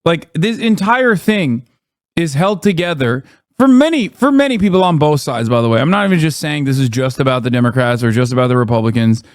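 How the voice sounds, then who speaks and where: A man's voice: fairly high pitch, lively intonation, fairly quick, no room sound, studio quality. A man live-streaming, ranting in blunt, profane casual commentary and mocking what he reacts to.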